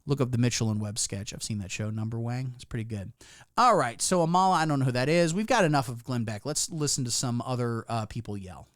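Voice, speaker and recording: A man's voice: mid-range voice, quick pace, dry recording, studio quality. A man giving casual live-stream commentary, sarcastic and rambling, swearing freely. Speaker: livestreamer.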